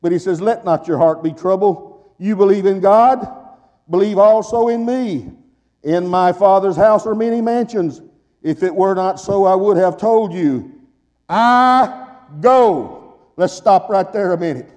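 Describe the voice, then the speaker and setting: Older guy preaching in church, highish mellow voice, big echoey hall, gets loud and fired up. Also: normal speed. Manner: fervent preaching that builds to shouts, calling the congregation to respond. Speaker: pastor. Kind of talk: sermon. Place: church sanctuary.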